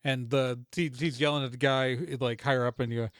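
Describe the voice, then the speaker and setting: A man's voice: medium pitch, fairly even intonation, a little fast, hardly any pauses, a bit bright, clear, resonant tone, dry recording. A man running a tabletop game as game master, narrating in a rambling way full of fillers and restarts. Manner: rambling, self-interrupting narration with many fillers.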